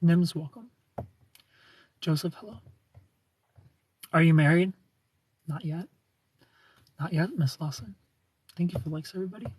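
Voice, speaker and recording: A man's voice: a little high, normal speed, pauses often, darkish tone, a little hiss or hum. A young man from the United States with a Southern accent, hosting a casual livestream and playfully greeting viewers by name. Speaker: livestream host. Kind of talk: casual chat with live viewers.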